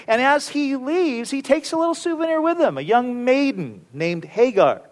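A man with a notably high speaking voice delivers a sermon. He tells the story in a relaxed, conversational way and slips into playful character voices. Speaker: pastor.

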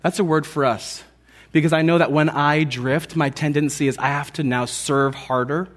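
Animated man preaching a sermon. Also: normal speed. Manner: animated storytelling, acting out quoted lines with rising pitch. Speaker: pastor.

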